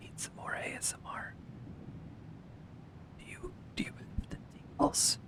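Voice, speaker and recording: A man's voice: lightly acted, poor audio. Man doing a mock ASMR whisperer, whispered role-play. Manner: breathy, exaggerated parody whisper.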